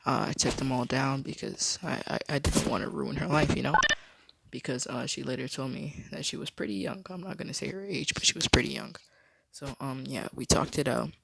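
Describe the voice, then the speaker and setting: Male vlogger, mid-pitched and raspy with fry, casual storytelling over a noisy background. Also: fairly quick, a bit bright. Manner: low-key, rambling storytelling.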